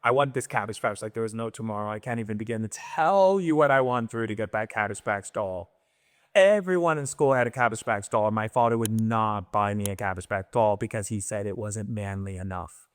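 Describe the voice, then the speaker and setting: A man's voice: on the low side, brisk, clear, resonant tone. Rambling middle-aged man storyteller, hall reverb. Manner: rambling, animated, restarts and lively quoted voices. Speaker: spiritual speaker. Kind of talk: casual personal storytelling.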